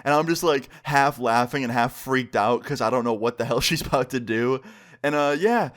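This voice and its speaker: A young man vlogging a storytime, telling it in a casual, animated way and swearing freely. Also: mid-range voice, moderate pace. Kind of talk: storytime vlog.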